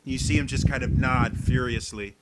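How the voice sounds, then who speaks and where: A man's voice: medium pitch, steady tone, moderate pace, a crowd in the background. A man narrating as game master of a tabletop game, describing scenes with many fillers.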